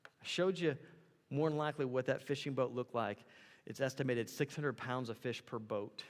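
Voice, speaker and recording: A man preaching a sermon as a young adults pastor, animated, building to loud emphatic peaks and then dropping low. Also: moderate pace. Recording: long hall reverb.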